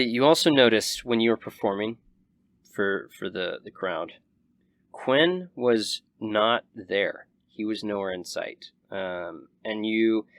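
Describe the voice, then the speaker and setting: Young man, game master, relaxed and halting narration, dry close sound. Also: fairly low pitch, no room sound. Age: 20s.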